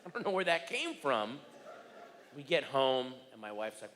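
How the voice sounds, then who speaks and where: A man doing stand-up comedy in a theater, telling a story in rapid, exasperated bursts that build into shouts. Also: medium pitch, very animated. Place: large theater stage. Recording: reverberant theater with faint room noise.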